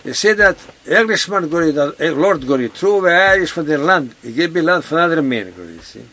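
A man's voice: on the high side, expressive, fast, sharp tone. An older man from Yugoslavia with a Yugoslavian accent, speaking broken English and often repeating "you see" in an oral history interview. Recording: 1970s tape with background noise.

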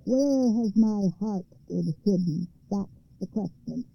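A woman voicing an angry, demanding male troll who speaks loudly and slowly, in a radio storytelling broadcast. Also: medium pitch, gravelly, husky, full character voice. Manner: loud, slow and threatening. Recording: slightly muffled radio broadcast.

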